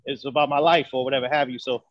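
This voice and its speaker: A man's voice: medium pitch, steady tone, quick pace, no echo, highs cut off. A man co-hosting a casual debate chat, speaking earnestly and thinking aloud with many fillers. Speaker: podcast co-host.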